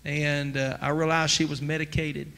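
A man preaching a sermon as pastor, emphatic and rising to near-shouts. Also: a little high, little pitch movement, normal speed, gravelly. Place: church sanctuary. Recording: church sanctuary with long reverb, faint noise.

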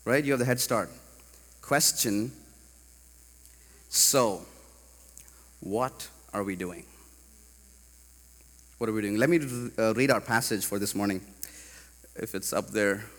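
A man from India preaching a sermon to a congregation, animated and rising to loud emphatic peaks. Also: fairly low pitch, slow, pauses often, long reverb tail. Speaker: pastor. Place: large church hall.

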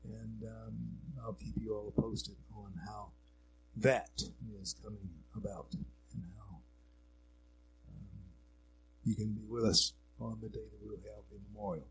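A fairly low-voiced man with a Louisiana Southern drawl, hosting talk radio in a slow, earnest monologue. He repeats himself and fills gaps with "uh" and "um". A faint hum sits behind his voice. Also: level tone, creaky, fairly bright tone, rough recording. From American South. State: grieving. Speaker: radio talk show host.

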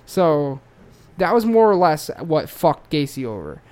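A man's voice: on the high side, sing-song, unhurried, a little mellow. An Australian man telling a true-crime story in a loose, rambling way, full of swearing and fillers. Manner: rambling, profane, lots of fillers.

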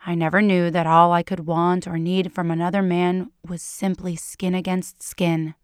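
Female reader for intimate fiction: lower pitch, gentle hushed delivery, dry booth sound. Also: flat delivery, clear, resonant tone, no room sound. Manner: soft, hushed and unhurried, dropping to whispers. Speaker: audiobook reader.

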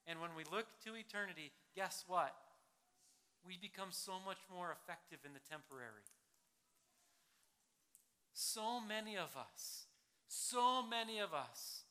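A male pastor delivers a sermon in a high, piercingly bright, smooth voice. He swings from loud, punchy emphasis down to hushed, low lines and acts out the quotes he cites. The sound rings with the long reverb of a church hall.

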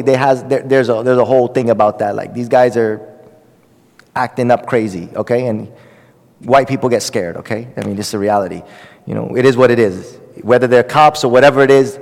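In a big-sounding room, a man with a medium-pitched voice gives a sermon-style lecture on a religious text. He speaks conversationally but emphatically, repeating words and posing questions to his audience.

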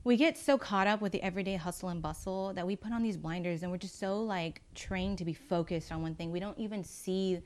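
A woman's voice: fairly low pitch, fairly quick, hardly any pauses, darkish tone. A woman who reads tarot, talking as a guest on a podcast in a chatty, emphatic way and often calling people "girl". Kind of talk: casual podcast chat.

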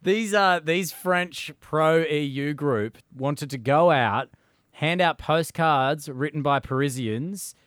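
A man's voice: fairly high pitch, slow pace, a bit bright, no echo, clean studio sound. A man co-hosting a comedy podcast, chatting casually and jokingly, laughing often and slipping into mock voices. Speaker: podcast co-host.

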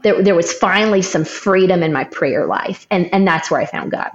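A woman's voice: lowish voice, normal speed, echoey room, lo-fi sound, music in the background. A young adult woman sharing an earnest personal story in candid, emotional storytelling with frequent restarts. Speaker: guest sharing her testimony.

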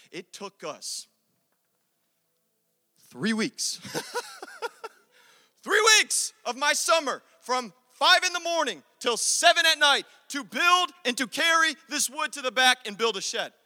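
A young man preaching a sermon, telling a story about his father and acting out his dad's lines in a low gruff tone. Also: sing-song, takes it slowly, long pauses, pushed and bright. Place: church. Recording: echoey church hall.

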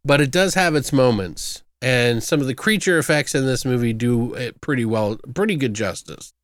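A man's voice: medium pitch, moderate pace, no room sound. Rambling, profane young man reviewing movies. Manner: rambling, loose and profane, many fillers. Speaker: podcast co-host, movie reviewer. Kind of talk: casual movie review chat.

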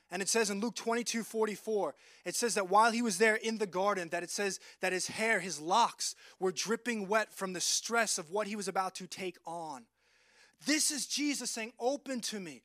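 A man's voice: sits high, a bit bright, dry recording. A man preaching a sermon, earnest and repeating words as he quotes scripture.

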